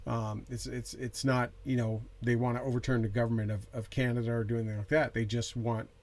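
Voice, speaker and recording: Laid-back guy hosting a podcast, mid pitch, loose casual chat. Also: little pitch movement, a little fast, a little mellow. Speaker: podcast host.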